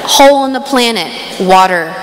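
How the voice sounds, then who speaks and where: Young woman speaker at a youth conference, excitable storyteller, reverberant live hall. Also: on the high side, moderate pace, a crowd in the background, background noise. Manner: animated storytelling, excited exclamations. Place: large hall.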